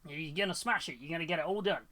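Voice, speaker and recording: A man's voice: a little high, fast talker, pushed and bright. A British man hosting a hobby live stream, chatting casually, greeting viewers by name and laughing often. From United Kingdom. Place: hobby room at home.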